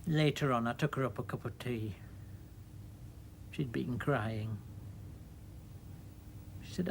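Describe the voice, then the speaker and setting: A man's voice: mid-range voice, takes it slowly, vocal fry, long pauses, slight background noise. A man performing a stage monologue, telling his story in a dry, wry, put-upon way and quoting the dialogue.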